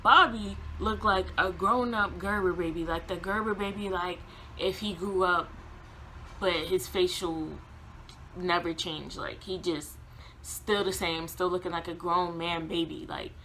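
A young woman vlogger telling a casual storytime, animated, laughing often and acting out quotes. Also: fairly low pitch, unhurried, a little hiss or hum.

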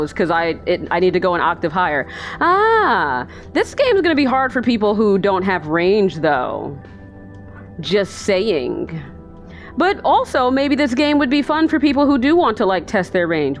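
A woman's voice: mid-range voice, very animated, normal speed, faint music behind. Goofy woman chatting through a game. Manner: chatty, goofy, talks to herself while playing. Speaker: let's play gamer. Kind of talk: let's play commentary. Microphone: desk microphone.

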